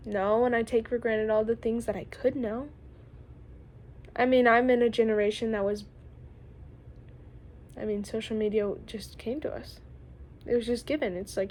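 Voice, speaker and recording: Rambling young woman confiding softly. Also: on the high side, little pitch movement, moderate pace, pauses often. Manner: rambling, trailing off, drops to whispers. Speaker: vlogger. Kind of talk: rambling confessional monologue.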